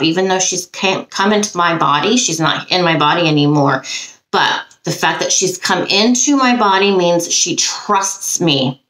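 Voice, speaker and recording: A psychic medium with a fairly low, fairly bright voice reads case notes aloud, then muses on them. She speaks haltingly with frequent ums, and the room gives off a noticeable echo.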